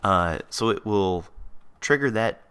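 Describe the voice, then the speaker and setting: A man's voice: lowish voice, expressive, takes it slowly, pushed and bright, clean tone. A man hosting a let's play, chatting casually and thinking aloud as he builds. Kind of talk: casual gameplay commentary.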